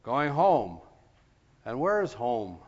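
A man leading prayer and preaching a sermon in church, speaking haltingly with many fillers. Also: medium pitch, very animated, big-room sound. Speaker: pastor. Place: church sanctuary. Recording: lo-fi church broadcast.

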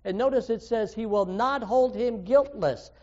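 A man with a high voice preaches a sermon, throwing questions at his listeners and leaning hard into key words. The recording is dull and lo-fi. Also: moderate pace, darkish tone. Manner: earnest, questioning, with sudden emphatic rises.

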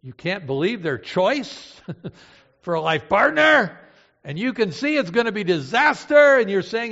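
A man preaching a sermon, emotive, moving between hushed and impassioned delivery. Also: high-pitched, sing-song, a little slow, vocal fry. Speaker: pastor. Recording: reverberant hall, dull lo-fi sound.

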